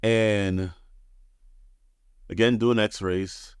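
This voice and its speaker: A man's voice: on the low side, steady tone, drawn-out words, clean tone, dry recording, clean studio sound. A man in his thirties, a podcast guest telling his story in a laid-back, frank way, swearing freely. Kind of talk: casual storytelling.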